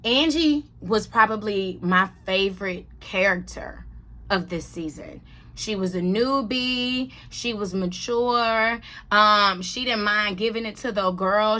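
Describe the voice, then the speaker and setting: A woman's voice: medium pitch, measured pace, pushed and bright. A woman hosting a casual reality TV recap, blunt and sassy, repeating lines for emphasis. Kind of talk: casual opinionated chat.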